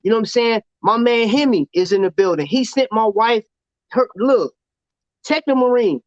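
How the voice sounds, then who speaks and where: High-voiced man hosting a casual chat. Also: moderate pace, no echo. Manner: loose, animated, slangy, laughs often. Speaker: show host. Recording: dull, lo-fi sound.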